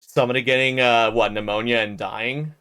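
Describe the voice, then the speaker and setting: A man reading a novel aloud on a livestream, pausing for casual, chatty asides to his viewers. His voice sits at a middle pitch with a smooth, clear tone. The narration is steady, and his chat comments are loose and offhand.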